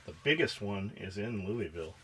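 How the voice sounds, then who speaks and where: Bright-voiced profane podcast co-host man. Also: lowish voice, expressive, moderate pace, slight background noise. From Pennsylvania. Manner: profane, joking, reads listener comments. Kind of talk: casual chat.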